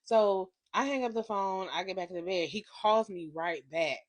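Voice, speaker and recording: A woman in her thirties telling a confession story on her vlog, animated and profane, swinging between hushed and loud. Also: medium pitch, moderate pace. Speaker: vlogger.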